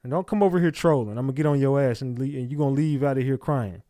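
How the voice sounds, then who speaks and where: Blunt, profane livestream host, dry sound. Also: male voice, mid-range voice, quick pace, dark tone, no room sound. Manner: blunt, profane, confrontational with chat. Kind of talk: casual livestream chat reading comments.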